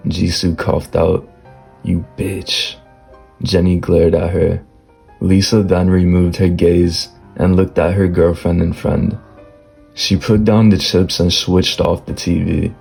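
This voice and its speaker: A man with a deep, husky voice reading a fan fiction story slowly in a whispered role-play style, stammering through the dialogue. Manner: slow, low soft storytelling with stammered dialogue.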